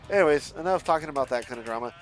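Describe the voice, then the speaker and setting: A young man from a Mexican family streams a driving game, talking very fast in a fairly high, expressive voice with faint music in the background. His chat is casual and rambling, full of swearing and restarted sentences.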